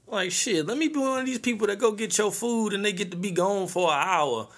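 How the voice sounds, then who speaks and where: A man's voice: sits high, animated, fairly quick, a bit bright. A man in his thirties hosting a podcast, ranting casually in a profane, slangy storytelling way. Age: 30s. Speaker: podcast host.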